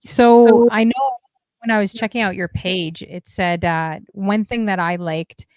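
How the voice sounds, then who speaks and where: A woman hosting a casual livestream talk show, chatty and friendly with her chat, giving shout-outs as she goes. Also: mid-range voice, steady tone, measured pace, clear, resonant tone, no room sound. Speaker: stream talk show host.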